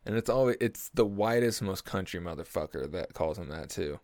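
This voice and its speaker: A man's voice: low-pitched, expressive, normal speed, darkish tone, no room sound, studio quality. A man, rambling through a profane, jokey monologue as a podcast host. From Oklahoma. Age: early 20s. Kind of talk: casual comedic monologue.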